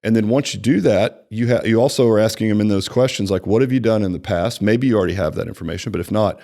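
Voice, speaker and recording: A man giving conversational sales training, animated, acting out client dialogue and often checking in with "right?". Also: lowish voice, fast talker. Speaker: personal training franchise executive.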